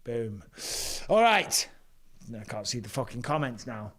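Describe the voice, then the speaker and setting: A man's voice: on the low side, a little fast, husky. A middle-aged man with a Lancashire accent, from England, hosting a live stream and rambling through fight talk, swearing freely. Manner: swearing, rambling, chatty banter. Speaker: host, former fighter. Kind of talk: casual live-stream commentary.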